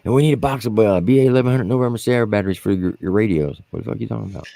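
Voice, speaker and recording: A man and army veteran co-hosting a podcast, telling profane war stories in a casual, animated way and acting out what others said. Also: rapid-fire, vocal fry, dry recording. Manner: animated, profane, acts out quotes in high voices. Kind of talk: casual storytelling among veterans.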